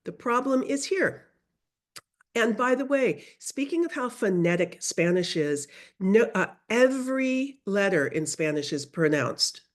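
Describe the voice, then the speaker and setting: Slow, animated woman teaching online. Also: mid-range voice. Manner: lively, drawn-out modeling of sounds for repetition. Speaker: Spanish teacher. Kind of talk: online class instruction. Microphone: video call.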